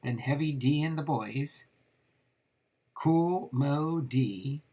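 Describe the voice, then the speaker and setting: Man, card collector host, slow rambling delivery, husky gravelly voice. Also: fairly high pitch, dark tone. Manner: slow, rambling, with frequent fillers while reading names off cards. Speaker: trading card collector reviewing a set. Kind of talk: casual card review.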